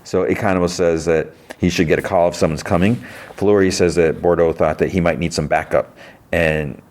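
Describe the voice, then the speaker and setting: A man's voice: deep voice, steady tone, a little fast, darkish tone. A man casually recapping a TV episode on his podcast, rambling with fillers and chuckles. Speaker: podcast host.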